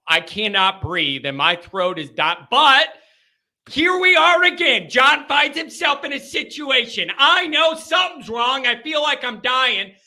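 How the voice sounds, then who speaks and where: A man with a very high, piercingly bright voice tells a rambling story on a live call-in show. He swings from low mutters to near-shouts and is loose and profane. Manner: profane, rambling with many fillers. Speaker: host telling a story.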